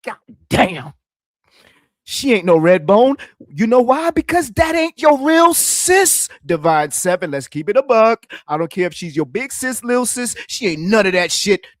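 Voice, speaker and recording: A man's voice: sits high, sing-song, a little slow, fairly bright tone, no room sound, studio quality. A man doing casual live-stream reaction commentary, loose and profane, often mimicking the voices in the clips he plays.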